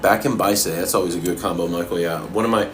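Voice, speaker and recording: A man coaching fitness and answering viewers' questions in a relaxed, casual way while eating, sometimes talking with his mouth full. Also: low voice, a little hiss or hum. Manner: relaxed, talks with his mouth full, pauses mid-sentence.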